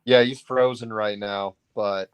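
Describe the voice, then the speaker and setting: A young man chatting casually on a livestream, hesitant and low-key with many fillers. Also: fairly even intonation, measured pace, clean tone, no echo, poor audio. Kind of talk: casual chat on a livestream call.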